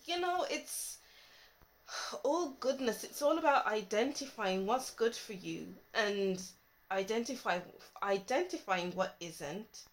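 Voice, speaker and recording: Slow-talking woman reading tarot. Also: mid-range voice, a little hiss or hum. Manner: chatty, reassuring, laughs at herself. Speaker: tarot reader. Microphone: phone.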